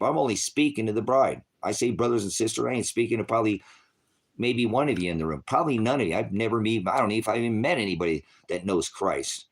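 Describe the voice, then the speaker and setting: A man's voice: lowish voice, animated, fast talker, husky. A middle-aged man preaching an unscripted sermon in a confrontational, scolding way, with profanity.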